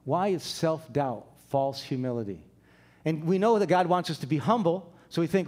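A man's voice: a little high, expressive, normal speed, a little mellow. A man preaching a conversational sermon, acting out the quoted dialogue as he goes. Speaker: pastor.

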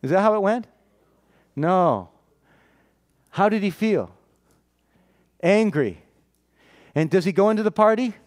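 A male preacher with a fairly high voice works through a Bible story. He voices each character's lines himself and keeps stopping to put questions to his listeners. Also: expressive, measured pace, pauses often. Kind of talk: sermon.

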